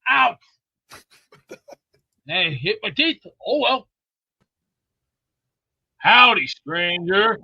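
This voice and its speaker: A man calling in to a sports show, rambling jokily with sudden loud outbursts. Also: sits high, big pitch swings, extremely slow, gravelly, long pauses, husky, no room sound, lo-fi sound. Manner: rambling, jokey storyteller with sudden loud bursts. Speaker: caller. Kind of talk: rambling call-in chat.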